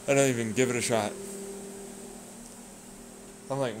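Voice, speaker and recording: A man in a rambling, profane vlog rant that swings between low muttering and loud outbursts. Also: steady tone, unhurried, noisy background. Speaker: vlogger. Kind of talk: ranting monologue.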